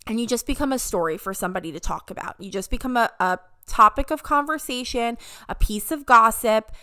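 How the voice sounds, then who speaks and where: An upbeat young woman hosts her podcast with a motivational talk, her voice sitting a bit high. She slips into little imitations whenever she quotes someone. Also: a bit bright. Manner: upbeat, mimics voices when quoting. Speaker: podcast host. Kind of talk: casual motivational monologue.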